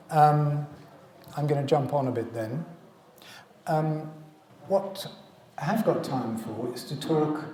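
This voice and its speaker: A British man gives a public talk in a community arts centre hall, his speech full of ums and restarts. His voice is mellow and warm. The hall leaves a roomy echo around it. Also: mid-range voice. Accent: British English. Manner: rambling, many ums and restarts. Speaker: speaker. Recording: echoey hall.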